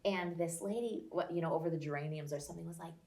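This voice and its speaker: A middle-aged woman telling lively anecdotes in casual conversation, acting out what others said. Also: fairly low pitch, fast talker. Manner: animated, acts out quoted people in a raised voice. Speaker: guest, social media creator. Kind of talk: casual storytelling.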